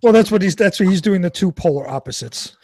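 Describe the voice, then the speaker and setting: A man's voice: high-pitched, expressive, quick pace, dark tone, dry recording. A man co-hosting a casual talk show who reacts with incredulous jokes. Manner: incredulous, joking. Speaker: co-host. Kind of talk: casual podcast banter.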